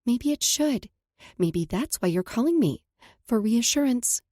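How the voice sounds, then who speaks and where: Woman voicing a bubbly teasing girlfriend, higher voice, excitable, husky, dry sound. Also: unhurried, dry recording.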